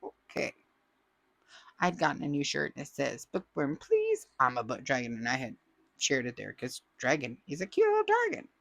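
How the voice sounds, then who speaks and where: A chatty woman hosting a crafting channel and reading viewer comments aloud. Her pitch jumps around a lot as she trades playful, teasing asides. The sound is close and dry, with no room echo. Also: sing-song, moderate pace, creaky, fairly bright tone.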